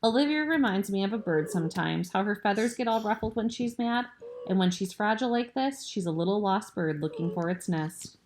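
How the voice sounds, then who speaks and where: Mom reading a bedtime chapter at home, lively and expressive. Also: female voice, medium pitch, fairly quick, slight background noise. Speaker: mother reading to her children. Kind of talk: bedtime read-aloud.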